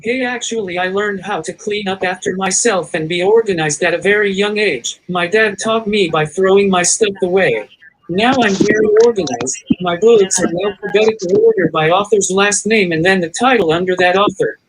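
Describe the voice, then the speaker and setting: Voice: mid-range voice, normal speed, low-quality recording. Earnest matter-of-fact caller on a stream, bit of hiss in the background. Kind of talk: casual livestream chat.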